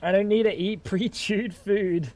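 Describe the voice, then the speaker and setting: A man's voice: high voice, steady tone, unhurried, darkish tone, no room sound. Profane, rambling male game streamer. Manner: rambling, profane, thinking aloud. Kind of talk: casual livestream chat while gaming.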